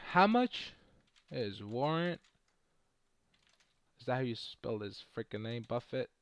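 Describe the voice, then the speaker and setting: A man's voice: mid-range voice, sing-song, takes it slowly, dry recording. A man chatting casually on a live stream while trading stocks, brash and boastful and swearing freely. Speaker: livestream host trading stocks.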